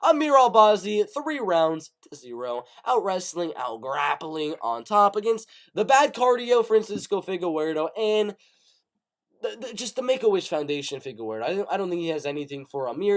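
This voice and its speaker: A man hosting a casual live show, giving animated, rapid-fire fight predictions with play-by-play bursts. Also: high voice. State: coughing, sick. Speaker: MMA prediction show host. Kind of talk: casual live-stream commentary.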